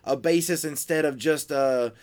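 A man's voice: on the high side, moderate pace, a little mellow. A man co-hosting a podcast in casual chat, laid-back and teasing. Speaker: podcast co-host.

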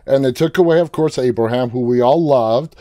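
A male host leads a live interview with a fan's eagerness. His voice is mellow and dark-toned. The sound is close and dry. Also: mid-range voice, fairly quick, no room sound.

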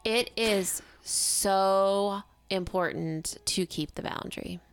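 A woman's voice: mid-range voice, slow pace, smooth. A woman co-hosting a podcast in casual chat, speaking earnestly and with emphasis, poking fun at herself. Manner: earnest, emphatic, self-mocking. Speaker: podcast co-host.

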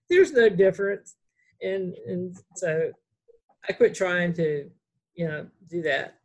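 A woman's voice: fairly low pitch, slow pace, darkish tone. Southern lady writer from north carolina, chatty and rambly, lots of ums and restarts. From Greensboro, North Carolina. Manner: rambling, many fillers and restarts. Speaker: author. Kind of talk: casual storytelling chat.

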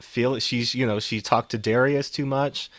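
A man chatting casually as a podcast panelist, animated, acting out quotes in shifting voices, swearing freely. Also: mid-range voice, moderate pace, no echo. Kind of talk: casual chat.

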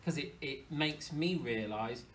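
A man, a medium talking casually to an audience, chatty and animated. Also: mid-range voice, a little slow, slight background noise. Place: hall with an audience.

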